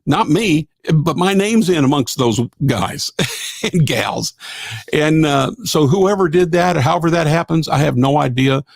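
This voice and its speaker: A man's voice: on the high side, animated, a little slow, creaky, no room sound. A middle-aged man, hosting a live gospel radio show in a folksy, rambling way with lots of fillers. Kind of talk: casual live-stream chat.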